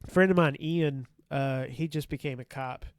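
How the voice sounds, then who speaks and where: A man's voice: on the high side, normal speed, dry recording. A man casually telling stories on a podcast, profane and laughing as he acts out past encounters. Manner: profane, laughing, animated retelling. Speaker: podcast guest. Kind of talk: casual storytelling.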